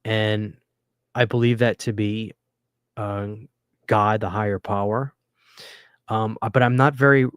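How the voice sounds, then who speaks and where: A man's voice: on the low side, no echo, clean studio sound. Rambling late-night livestream host, man. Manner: rambling, earnest, thanks viewers often. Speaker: livestream host reading viewer comments. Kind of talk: casual late-night live chat. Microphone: studio microphone.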